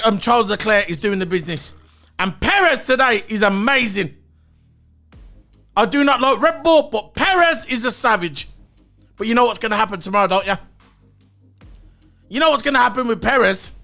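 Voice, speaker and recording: A man's voice: very high-pitched, creaky, sharp tone. A man giving a blunt, opinionated solo review of a race, swearing and repeating his points. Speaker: motorsport commentator.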